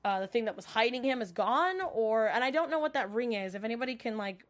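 A young woman recaps a TV episode on her vlog, her voice pitched a little high. She gushes as she talks and fills her sentences with "like" and "you know". The delivery is loose and unscripted. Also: expressive, quick pace. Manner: gushing, filler-heavy, lots of "like" and "you know". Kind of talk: casual spoken recap.

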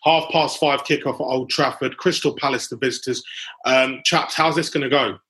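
A man's voice: medium pitch, fairly even intonation, normal speed, sharp tone. Chatty man hosting a podcast. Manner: chatty, jokey, banter with fillers. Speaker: podcast host. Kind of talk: casual chat. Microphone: call recording.

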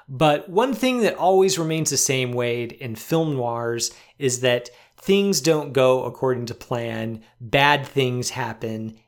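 A man co-hosting a film podcast, talking in a thoughtful, halting way with fillers. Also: on the high side, fairly bright tone. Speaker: podcast co-host. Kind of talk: casual film discussion.

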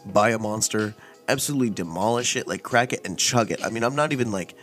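A man's voice: on the low side, quick pace, fairly bright tone, soft background music. A man hosting a casual storytelling podcast, telling a story in a laid-back, rambling, profane way. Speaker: podcast host.

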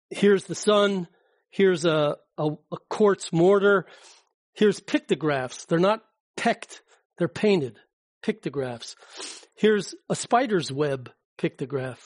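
A man's voice: fairly high pitch, no echo. Chatty man giving a rambling talk. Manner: rambling, chatty, frequent fillers and restarts. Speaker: guest speaker. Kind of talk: informal public talk with slides.

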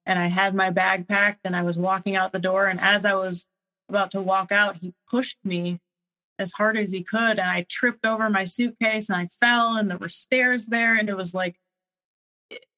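A young adult woman telling her own story in an interview, speaking haltingly with many pauses and restarts. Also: mid-range voice, steady tone, bright, forceful tone, low-quality recording. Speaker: guest sharing her story. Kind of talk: personal testimony interview.

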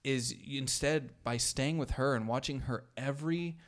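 A man's voice: mid-range voice, normal speed. A man talking casually and enthusiastically about a favorite movie, with restarts and the odd swear word for emphasis. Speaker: podcast guest discussing films. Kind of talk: casual chat.

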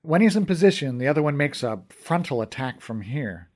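A man voicing an easygoing, adventurous male companion with a calm, dry manner. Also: on the high side, brisk. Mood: scheming.

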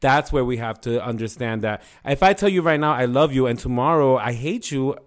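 A man's voice: mid-range voice, fairly quick, few pauses. A man co-hosting a casual chat, talking candidly and emphatically, with frequent swearing.

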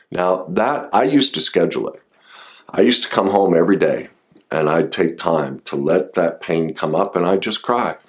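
Deep-voiced earnest self-help speaker, man. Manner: earnest, coaching, rises sharply when voicing anger.

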